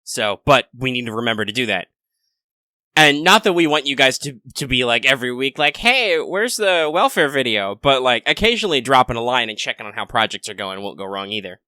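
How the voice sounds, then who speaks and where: Podcast co-host, male, mid pitch, bright and dry, rambling casual delivery. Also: fast, no room sound. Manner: rambling, jokey, talks at length. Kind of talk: casual chat.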